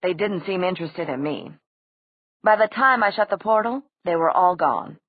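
A flamboyant male warlock who speaks softly and patiently, as a woman reader puts him on. The tone is husky and low. The recording is dry and narrow, like a phone. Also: expressive, dry recording. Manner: soft, measured explanation. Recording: dry, tinny phone-like sound.

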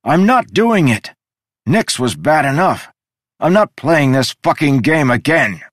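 A man voicing a volatile, foul-mouthed male digger who shouts and curses in a rage. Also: low voice, sing-song, slow pace, breathy edge, no echo, studio quality, full character voice. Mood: raging. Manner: shouting, cursing, raging.

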